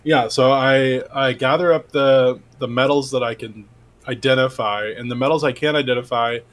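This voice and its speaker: A man's voice: medium pitch, steady tone, normal speed. A man playing in a tabletop game, talking casually and rambling through his plans. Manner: rambling, chatty, laughs easily. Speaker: player.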